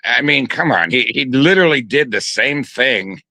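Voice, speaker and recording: A man's voice: mid-range voice, animated, moderate pace, pushed and bright, no room sound. A man co-hosting a sports talk show, talking casually and hesitantly with frequent restarts. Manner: hesitant, many restarts and fillers.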